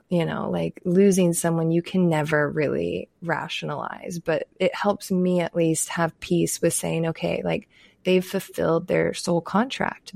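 A woman hosting a podcast, talking in a reflective, unhurried way with frequent "like" fillers. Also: on the low side, vocal fry, warm tone, no room sound. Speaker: podcast host. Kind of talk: casual podcast conversation.

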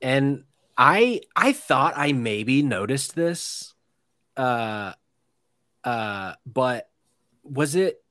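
A man's voice: medium pitch, big pitch swings, drawn-out words, pauses often, fairly bright tone, no room sound, studio quality. A man co-hosting a podcast, chatting loosely about a film, swearing freely and restarting sentences. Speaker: podcast co-host. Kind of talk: casual chat about a film.

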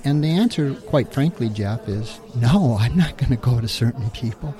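A man's voice: medium pitch, animated, normal speed, dark tone, faint music behind. A man co-hosting a talk show, explaining a scripture passage in a casual teaching style and firing off rhetorical questions. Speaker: co-host teaching the Bible.

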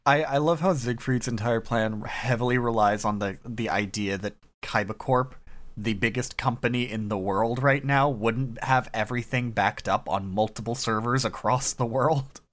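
A man's voice: mid-range voice, moderate pace, a bit bright. A young man co-hosting a podcast in casual chat, joking and wry. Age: young adult. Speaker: podcast co-host.

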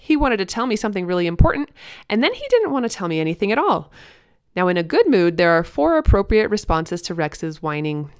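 A woman in her thirties talks earnestly on her parenting podcast and laughs softly as she reads from her blog. Her voice sits in a middle range and is smooth and resonant. The recording is dry and close. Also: mid-range voice, very animated, a little fast, no room sound. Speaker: podcast host.

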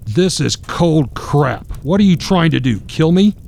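A man's voice: mid-range voice, a little fast, pitched above the performer's own voice, natural voice. A man doing a violent drunken father, snarling. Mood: enraged. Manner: snarling, yelling.

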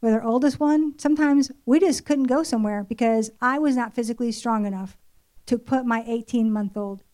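An older woman shares a personal story from the pulpit in an earnest, confessional sermon style. Her voice sits a little high and her talk stays loose and conversational, full of little fillers as she recounts home life. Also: brisk, a little mellow. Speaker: church speaker.

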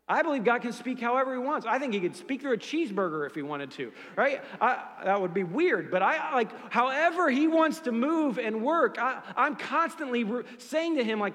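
A man preaching a sermon as pastor, swinging between loud emphatic lines and soft hushed ones. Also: extremely high pitch, lively intonation, brisk, hardly any pauses, long reverb tail. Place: church sanctuary.

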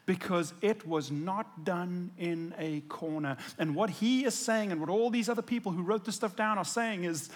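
A man's voice: high voice, moderate pace, few pauses. A man preaching a sermon, telling the story in a casual, conversational way and acting out the quotes. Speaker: pastor.

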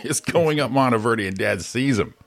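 A middle-aged man co-hosting a morning show, telling stories in casual chat and shouting out the voices of people in them. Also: medium pitch, normal speed, vocal fry. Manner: animated storyteller, shouts out quoted voices.

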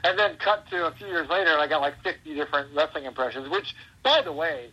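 A man in his forties, a pro wrestler guest, telling stories in a rambling, animated way and laughing often. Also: on the high side, quick pace, gravelly, breathy edge, lo-fi sound. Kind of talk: casual interview chat.

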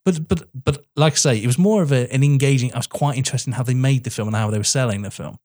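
A man co-hosting a casual film podcast, talking about a horror movie with emphatic, excitable delivery. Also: quick pace. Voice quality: animated, emphatic, rising pitch when excited. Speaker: podcast co-host. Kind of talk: casual film review chat.

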